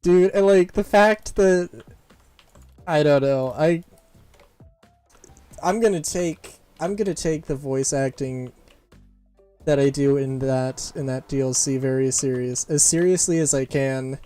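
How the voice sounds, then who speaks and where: A streamer and voice actor chats casually while playing a game live, rambling, restarting sentences, and laughing. The mid-range voice is mellow and clean, at a measured pace with long pauses. Faint game music and keyboard typing sit in the background.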